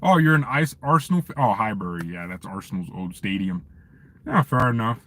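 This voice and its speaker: A fan channel host rants casually on a live stream, reading viewer messages in an animated, joking manner. His voice runs on the low side and fairly quick.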